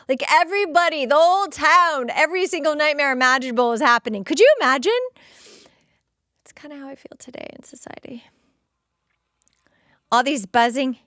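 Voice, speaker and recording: A woman podcast host giving excited, casual play-by-play commentary while rewatching a TV episode. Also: on the high side, no echo, clean studio sound. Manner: excited, gushing, narrating scenes as they happen.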